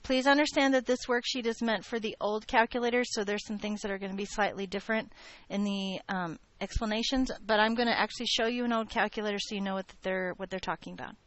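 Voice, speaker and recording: A woman's voice: mid-range voice, steady tone, quick pace, hardly any pauses, no echo, highs cut off. A woman teaching a math class, joking with her students as she lectures.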